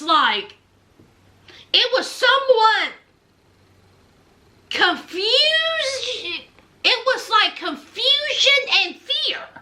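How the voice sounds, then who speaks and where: A woman gives a casual reality TV recap, dramatic and talking straight to her viewers. Her voice sits high and swings widely in pitch. She speaks at an unhurried pace. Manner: animated, dramatic, addresses viewers as y'all.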